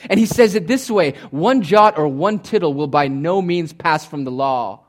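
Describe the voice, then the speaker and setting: Emphatic preaching man, slightly high voice. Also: moderate pace. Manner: emphatic preaching with big swings in loudness; teaching with Greek word study and humor. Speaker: pastor. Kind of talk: sermon.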